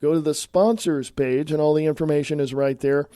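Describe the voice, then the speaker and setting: A man's voice: fairly high pitch, fairly even intonation, brisk, dark tone, no echo, clean studio sound. A man hosting his own podcast, talking bluntly in a scolding, sarcastic monologue. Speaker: podcast host.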